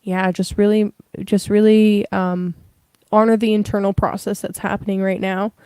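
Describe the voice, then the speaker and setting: A woman's voice: mid-range voice, flat delivery, moderate pace, mellow, clean tone, dry recording. A young woman giving a casual livestream tarot reading, rambling with many fillers. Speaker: tarot reader.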